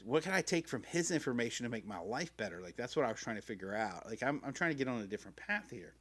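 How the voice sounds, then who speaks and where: A man's voice: mid-range voice, sing-song, fast, fairly bright tone, husky. A middle-aged man hosting a podcast, telling his story in a rambling, slangy way, swearing freely and acting out quotes. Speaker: podcast host. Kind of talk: casual personal storytelling. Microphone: podcast mic.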